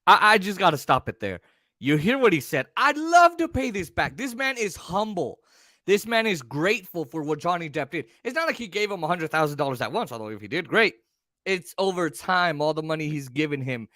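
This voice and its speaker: A man's voice: fairly high pitch, animated, a little fast, pushed and bright, no room sound, studio quality. A man hosting a casual commentary show, rambling with many fillers and restarts. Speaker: commentary host.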